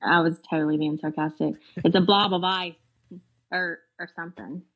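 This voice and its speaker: A woman's voice: on the low side, steady tone, normal speed, lo-fi sound. Woman, podcast co-host, casual chat, sarcastic, joking.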